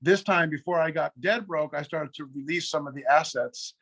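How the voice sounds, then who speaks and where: A middle-aged man with a voice a touch higher than most men's spins a long story in loose, casual talk. He swears freely and jumps quickly between his own lines and the other people's replies. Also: creaky, fairly bright tone. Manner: profane, rapid anecdotes with quoted back-and-forth. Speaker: guest.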